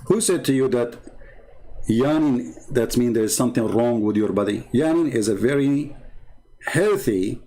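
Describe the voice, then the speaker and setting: A man's voice: mid-range voice, dark tone. Sarcastic, scolding man on a live stream. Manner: sarcastic, scolding and emphatic, often pausing to read comments. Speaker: online religious debater. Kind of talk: live-stream debate commentary.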